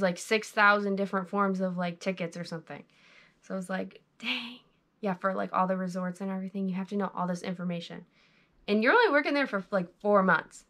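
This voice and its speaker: A woman's voice: mid-range voice, a bit bright. A young woman giving chatty, bubbly interview tips to her viewers, recorded on a GoPro camera. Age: young adult. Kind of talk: casual tips vlog.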